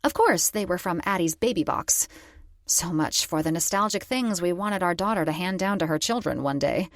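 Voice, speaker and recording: A woman narrating a first-person romance audiobook with a slightly low voice and a wry, conversational way of telling. The recording is close-miked and dry, with no room sound. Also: moderate pace, dry recording.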